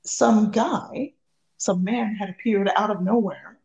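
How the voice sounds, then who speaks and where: A woman from the United States, a guest telling a personal story in a lively way, acting out the quoted lines. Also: medium pitch, slow pace, vocal fry, reverberant, dull audio. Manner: lively, acts out quoted dialogue.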